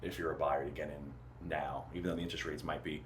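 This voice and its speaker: A man's voice: a bass voice, flat delivery, quick pace, a bit bright. A man working as a real estate agent, speaking in a laid-back way about the market in a casual chat.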